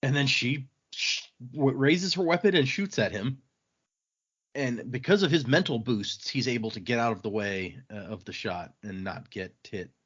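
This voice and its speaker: Rambling podcast host recapping a book. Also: male voice, mid-range voice, normal speed, fairly bright tone, breathy edge, dull audio. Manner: rambling, with fillers and laughs, acting out quotes.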